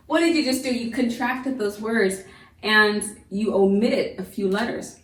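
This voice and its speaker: A woman's voice: mid-range voice, measured pace. Chatty woman teacher in an echoey room. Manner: chatty, repeats and restarts, many fillers. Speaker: homeschool teacher. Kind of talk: recorded classroom lesson. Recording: roomy echo, voice from a distance.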